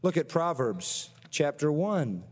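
High-voiced emphatic male preacher, reverberant. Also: big pitch swings, slow pace. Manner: emphatic, asks the audience rhetorical questions. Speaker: pastor. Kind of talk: sermon.

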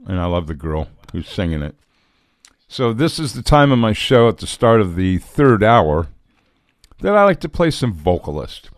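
A relaxed male radio DJ chats in a casual, easygoing way between tracks. His voice sits a little low but swings widely up and down in pitch. The sound is dry and close on a studio microphone. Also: no room sound. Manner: laid-back, chatty, laughs at himself. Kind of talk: casual on-air chat.

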